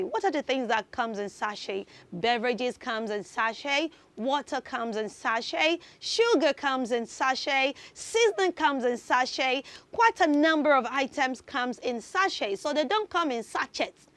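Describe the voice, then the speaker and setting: Woman, high voice, dry studio sound, children's TV host, teacherly and upbeat. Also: animated, unhurried, fairly bright tone, no room sound. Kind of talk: children's TV lesson.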